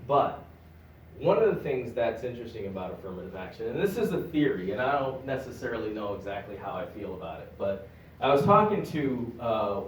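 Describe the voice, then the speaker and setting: A man giving a public lecture at a library, animated and joking with the audience. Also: lowish voice, brisk, slight background noise. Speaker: guest lecturer. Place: public library meeting room. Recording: echoey room, recorded from a distance.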